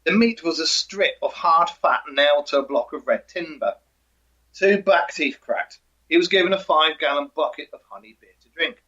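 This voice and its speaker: A man with a bright, forceful voice, pitched fairly high for a man, tells a folk tale and chats with a dry wit. The recording sounds dull and lo-fi. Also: animated, moderate pace, breathy edge. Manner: reads a folk tale aloud, then chats with dry humour. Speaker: co-host. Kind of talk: storytelling and casual chat.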